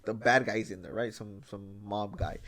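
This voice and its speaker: A man hosting a podcast in casual chat, excitedly retelling a film scene, swearing freely and acting out the lines. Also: lowish voice, moderate pace. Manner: excited storytelling, swears freely, acts out quotes. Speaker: podcast host.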